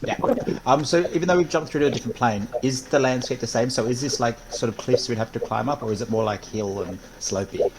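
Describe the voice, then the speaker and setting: A man playing a tabletop game who asks questions and describes his moves in a relaxed way. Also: mid-range voice, fast talker, hardly any pauses, noisy background. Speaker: player. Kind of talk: tabletop role-play chat.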